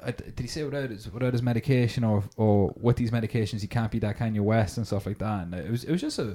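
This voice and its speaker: A man's voice: on the low side, quick pace, mellow. A young man in casual podcast chat, rambling with many fillers. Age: young adult. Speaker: podcast host.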